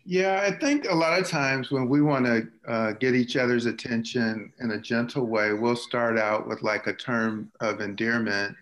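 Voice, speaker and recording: A man in a church class talking gently and thoughtfully, with frequent pauses and fillers. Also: mid-range voice, fairly even intonation, poor audio. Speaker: class participant. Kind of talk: casual chat.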